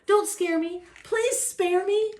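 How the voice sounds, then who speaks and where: An older woman reads as a big, fretful storybook elephant who frets in sing-song rhymes, his lines unhurried and full of fuss. The voice sits high, and the room around it echoes. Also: lively intonation, fairly bright tone, heavily acted. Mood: frightened. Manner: sing-song rhyming, dramatic. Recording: roomy echo.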